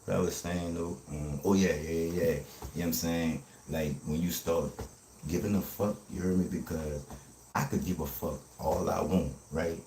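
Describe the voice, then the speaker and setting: A man, talking fast and streetwise in a casual livestream chat, often asking "you heard me". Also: deep voice, fairly even intonation, warm tone, roomy sound, slight background noise.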